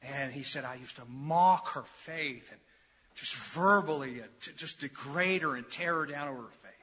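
A man preaching an expository sermon as pastor, dramatic and conversational, swinging from quiet asides to loud emphatic peaks. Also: medium pitch, moderate pace. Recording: long reverb of a large church hall.

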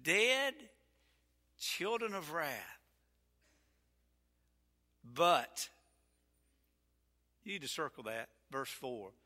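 A male pastor preaching a folksy, emphatic sermon, building to loud, drawn-out peaks. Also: a little high, very animated. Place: church sanctuary. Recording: reverberant church sanctuary.

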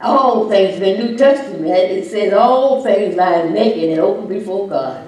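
A woman preacher delivering a sermon, emphatic and building to loud, fervent peaks. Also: mid-range voice, a little slow. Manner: emphatic, swelling to loud climaxes. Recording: echoey room, distant mic.

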